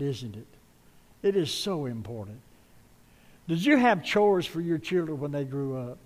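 Folksy preacher in a hall. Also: male voice, on the high side. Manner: folksy storytelling, warm appeals to the congregation. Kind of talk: sermon. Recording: long reverb of a large hall.

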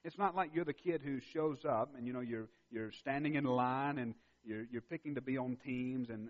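A man's voice: medium pitch, normal speed, few pauses. A man preaching a sermon as a pastor, emphatic and building in intensity, repeating key phrases for weight. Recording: dull recording with long hall reverb.

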